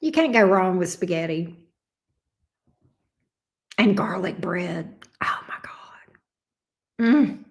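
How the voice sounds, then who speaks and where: A woman's voice: lowish voice, animated, takes it slowly, pauses often. A Southern woman from Alabama hosting a live stream, chatting casually and rambling as she reacts to viewer comments. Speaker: tarot reader and live stream host.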